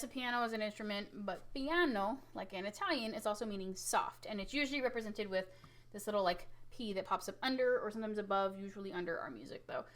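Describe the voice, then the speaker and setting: Woman teacher explaining music stuff, super animated, keeps saying right?, voice goes loud then tiny. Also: on the high side. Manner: animated, demonstrates loud and soft with her voice, says "right?" often. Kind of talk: casual recorded lesson.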